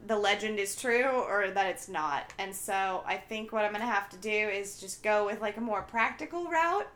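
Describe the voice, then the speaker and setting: A woman's voice: mid-range voice, normal speed, a bit bright. A woman in a casual chat, thinking aloud and hesitating as she guesses how a film ends. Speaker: podcast co-host.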